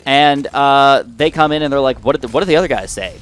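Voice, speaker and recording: Young adult male vlogger, casual storytelling rant, exasperated, filler-heavy, mid-pitched. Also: fast. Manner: animated, exasperated retelling with many fillers. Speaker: YouTube gaming vlogger.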